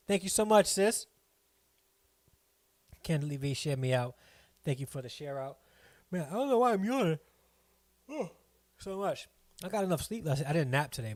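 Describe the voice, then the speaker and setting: A man's voice: medium pitch, no echo. A middle-aged man hosting a live stream from home, chatting casually, rambling and reading viewer comments aloud.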